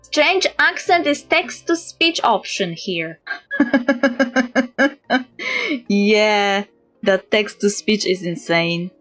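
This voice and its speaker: A woman's voice: mid-range voice, animated, drawn-out words, pauses often, fairly bright tone, soft background music. A woman streamer, chatting casually while playing and answering chat. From Poland. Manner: musing to herself, answering chat.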